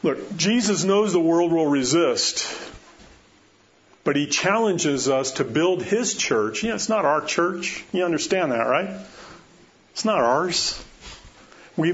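This male pastor has a fairly high, fairly bright voice and delivers his sermon conversationally. He frequently checks in with the congregation using rhetorical questions, captured in dull lo-fi sound with a faint noise floor.

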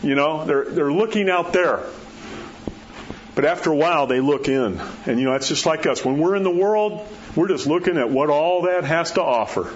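Folksy preacher man, soft hushes. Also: fairly high pitch, normal speed, highs cut off, a little hiss or hum. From New Mexico. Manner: folksy storytelling, drops to a soft hush at key words. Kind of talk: sermon.

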